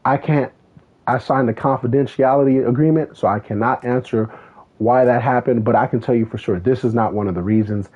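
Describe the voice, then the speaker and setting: A man's voice: mid-range voice, brisk. A man streaming a racing game, chatting casually and telling a rambling story with lots of swearing. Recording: tinny phone-like sound.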